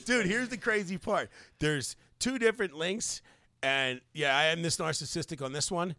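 A comedian spins a rowdy story, his voice bright and cutting. He swears freely and bursts into loud laughter. The mic is close and dry, with no room sound. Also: a little high, normal speed, no room sound. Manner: animated, profane, laughs loudly. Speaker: comedian podcast co-host.

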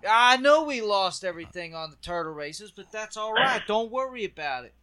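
A man's voice: high voice, expressive, moderate pace, crowd noise. A man playing a rambling, stammering prank caller who gambled away his money. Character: hapless gambling man Bob, loser business partner. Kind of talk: prank call improv.

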